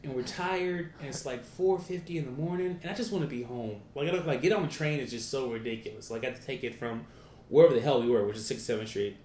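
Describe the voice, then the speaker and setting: A young man telling a story in casual chat, rambling with lots of restarts and filler. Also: darkish tone. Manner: rambling, quick, many restarts and "like"s. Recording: echoey room with faint rumble.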